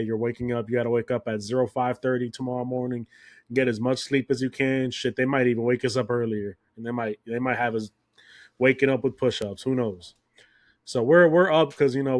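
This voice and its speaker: A young man co-hosting a podcast, telling stories in casual sports chat, animated and freely swearing. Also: mid-range voice, dry recording, studio quality. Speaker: podcast co-host.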